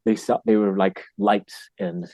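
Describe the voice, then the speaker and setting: Sex: man. Tone: low and dark. Style: earnest storytelling podcast guest. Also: steady tone, a little slow, no room sound. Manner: earnest, emotional, drops soft and low when guiding. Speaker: podcast guest, actor and workshop teacher. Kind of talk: casual storytelling.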